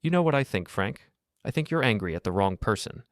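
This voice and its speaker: Brief: suave threatening crook, condescending, low voice, read by a man. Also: very animated, brisk, no echo, clean studio sound. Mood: smooth menace. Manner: smooth, condescending, quietly threatening. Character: smooth, menacing small-time male club owner.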